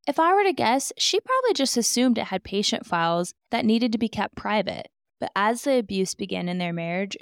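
A woman's voice: mid-range voice, creaky, dry recording, studio quality. A woman hosting a true crime podcast, retelling a con man's story with sarcastic, incredulous asides.

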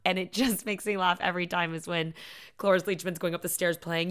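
A young woman co-hosting a casual film chat, animated and laughing often as she acts out favorite lines in big loud voices. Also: on the low side, a little fast, clear, resonant tone. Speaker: podcast co-host.

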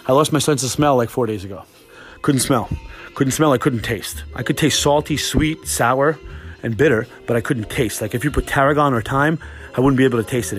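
A young man hosting his own podcast, rambling through a profane and animated monologue at an ordinary, mid-range pitch. He swears freely and stacks up tangents. Faint music plays underneath. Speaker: podcast host. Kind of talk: casual monologue.

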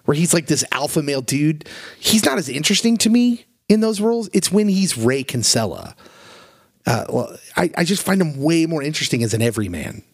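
A man's voice: on the high side, big pitch swings, fairly quick, husky, no room sound, studio quality. A man co-hosting a podcast, earnestly retelling a story in casual chat with plenty of feeling. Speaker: podcast co-host.

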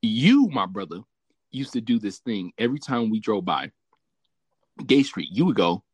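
A man's voice: medium pitch, moderate pace, breathy edge, no room sound. A man from Southern California hosting a casual chat, telling a story with lots of swearing and laughter. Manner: profane, laughing, animated storyteller. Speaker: podcast host.

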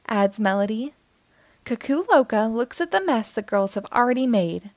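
A woman reading a picture book aloud to children, expressive and sing-song. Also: fairly high pitch, normal speed, no echo. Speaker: storyteller.

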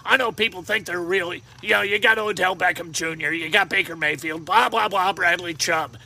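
A man runs through his weekly betting picks, joking and rambling and even talking to himself. His voice sits high and has a gravelly rasp. It comes across bright and edgy. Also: brisk. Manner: jokey, rambling, talks to himself. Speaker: sports betting picks host. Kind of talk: casual picks monologue.

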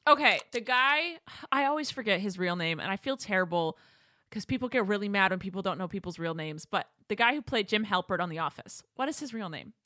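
A woman hosting a casual chat show with her mother, ranting in an animated way and laughing often. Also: mid-range voice, a little fast, dry recording, studio quality. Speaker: host. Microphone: studio microphone.

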